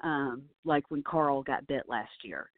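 A woman's voice: a bass voice, slow, no echo. Enthusiastic woman on a tinny line. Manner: enthusiastic, animated storyteller. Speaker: film set snake wrangler and wildlife handler. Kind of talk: casual interview storytelling. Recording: tinny dry phone-line audio.

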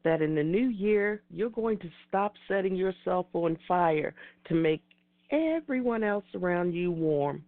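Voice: mid-range voice, lively intonation, measured pace, no room sound. A middle-aged host giving an earnest, emphatic motivational talk, repeating key phrases like a preacher. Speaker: host of an online talk show. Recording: dry tinny phone-like audio.

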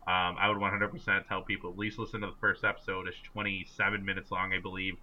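A man's voice: low voice, level tone, quick pace, bright, forceful tone, muffled recording, slight background noise. A man co-hosting a casual sports podcast, telling stories with plenty of ums and uhs. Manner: chatty storyteller, many fillers. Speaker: podcast co-host. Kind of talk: casual chat.

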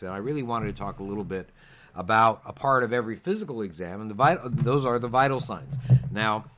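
A male co-host talks through medical and news topics in a relaxed, conversational manner, pausing with fillers as he goes. His voice is bright and clear, at a middle pitch. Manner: easygoing, explanatory with fillers. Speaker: physician co-host. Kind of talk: conversational podcast talk.

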